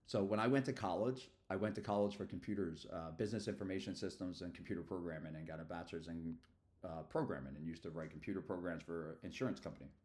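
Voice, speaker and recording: A man's voice: low-pitched, quick pace, darkish tone. A middle-aged man from Philadelphia, rambling and slangy in casual livestream chat. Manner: rambling and slangy, loose asides. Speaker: streamer.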